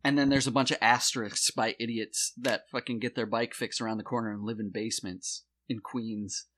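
A man's voice: mid-range voice, steady tone, fairly quick, a bit bright. Guy griping sarcastically, swears, casual chat. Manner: sarcastic, profane.

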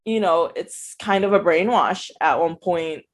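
A woman's voice: lowish voice, a little slow. A woman co-hosting a casual podcast, talking loosely with many "like" fillers. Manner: chatty, fillers of "like", laughs often. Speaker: podcast co-host.

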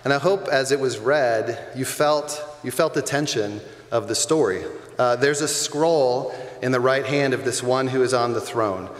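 Guy preaching a sermon, mid-pitched voice, chatty but emphatic, lots of hall echo. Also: unhurried. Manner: conversational, emphatic preaching with repeated phrases. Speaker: pastor. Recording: echoey church hall with long reverb.

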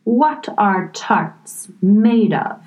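A woman reading a storybook, voicing an anxious, weary king who speaks slowly. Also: mid-range voice, expressive, a little mellow, lo-fi sound. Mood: fretful. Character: fussy anxious old king of a court.

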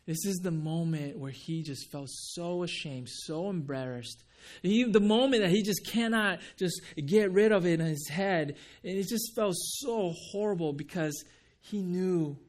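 Storytelling pastor, higher male voice. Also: expressive, measured pace, a little mellow. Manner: storytelling, acts out quoted lines with raised voice; many restarts and repeated words. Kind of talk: sermon.

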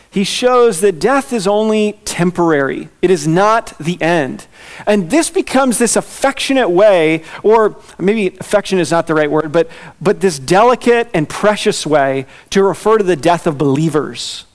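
A man preaching an expository sermon, earnest, slowing down and softening as he reads scripture aloud. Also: on the high side. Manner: earnest, slows down and softens when reading scripture. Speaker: pastor.

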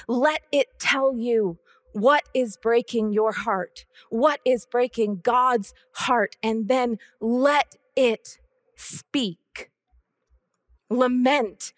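A woman preaching a sermon with a measured, solemn, repetitive cadence. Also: fairly high pitch, a bit bright, dry recording, clean studio sound.

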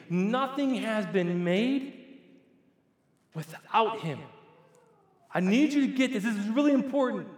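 This man, a pastor in his forties, has a very high, slightly mellow voice. He preaches a sermon in a church sanctuary, keeping it conversational and putting questions straight to the people. The hall's long reverb gives the recording a strong echo.

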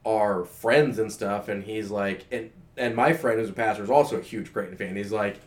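A man's voice: on the low side, moderate pace. A man, co-hosting a casual sports chat, rambling with lots of fillers as an eager fan. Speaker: podcast co-host.

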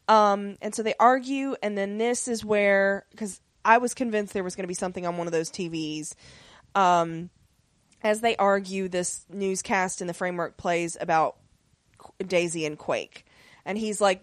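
A woman co-hosting a podcast, chatting casually through an episode recap with lots of fillers and quick acted-out character lines. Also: mid-range voice, no room sound, clean studio sound. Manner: rambling, many fillers, acts out character lines. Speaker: podcast co-host.

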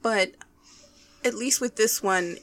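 Speaking slowly at medium pitch, this podcast co-host chats casually with slight background noise. Her storytelling is excitable and animated, and she acts out her reactions as she goes.

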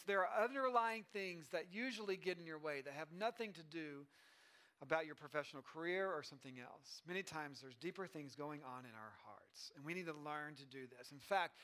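High, bright-voiced man preaching casually. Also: clear, resonant tone. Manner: casual and chatty, with asides and restarts. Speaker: pastor. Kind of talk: conversational sermon.

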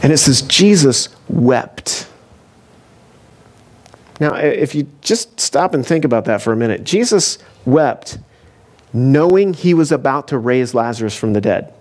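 A man's voice: medium pitch, lively intonation, fairly quick, few pauses, darkish tone. A man preaching a conversational sermon as a pastor, telling the story casually with frequent asides and fillers. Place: church.

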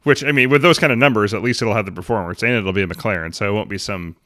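A man with a low voice shares measured, opinionated takes in a casual car podcast chat. The sound is dry and close, with no room echo. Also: pushed and bright. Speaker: podcast co-host.

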